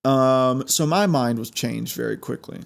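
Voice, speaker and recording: A man hosting a podcast, telling a story in an animated way that builds suspense. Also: medium pitch, a little slow, creaky. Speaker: podcast host.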